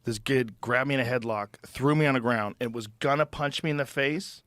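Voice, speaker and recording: Man host, mid pitch, dry close mic, candid casual talker. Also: a little fast, a bit bright, dry recording. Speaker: podcast host. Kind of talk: casual conversation. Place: podcast studio.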